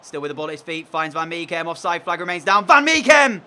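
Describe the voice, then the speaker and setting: A man's voice: on the high side, level tone, fast talker, bright, forceful tone. A young man commentating on his own video game match in an exasperated, sarcastic way. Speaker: gaming commentator.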